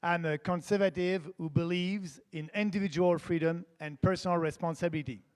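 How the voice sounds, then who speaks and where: High-voiced man with a Québécois French accent. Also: fairly even intonation, brisk. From Quebec, Canada. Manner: earnest, emphatic, stresses key words. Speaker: political candidate. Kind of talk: debate opening statement. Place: large debate hall. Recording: long hall reverb.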